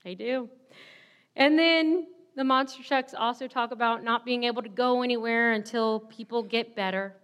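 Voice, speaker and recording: A woman's voice: a little high, fairly even intonation, normal speed, hardly any pauses, fairly bright tone. Woman preaching a candid, story-filled sermon. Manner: candid, storytelling, self-deprecating. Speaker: pastor.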